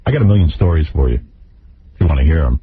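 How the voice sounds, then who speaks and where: A middle-aged radio host telling a rambling, stammering, wry story in casual talk, heard over a narrow lo-fi radio broadcast. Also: male voice, very deep voice, expressive, rapid-fire, slightly rough.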